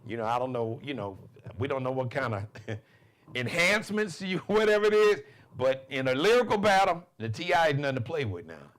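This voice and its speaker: A man's voice: medium pitch, brisk. A man hosting his own live talk show, delivering a loose, laughing monologue. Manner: animated, laughing, loose and conversational. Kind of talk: live monologue, casual commentary.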